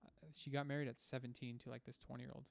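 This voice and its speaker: Young male co-host, gravelly mid-pitched voice, easygoing, laughs a lot. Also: level tone, fast. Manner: easygoing, laughs often, says dude and bro. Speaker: podcast co-host. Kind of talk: casual chat.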